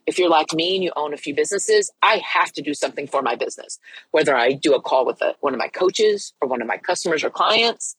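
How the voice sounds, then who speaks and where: This middle-aged host of a personal faith podcast speaks fast and sincerely, tripping and restarting along the way; her low, husky, slightly breathy voice has a fairly bright tone and lively intonation, as if she's been crying. The poor-quality audio is dry and close with no room around it.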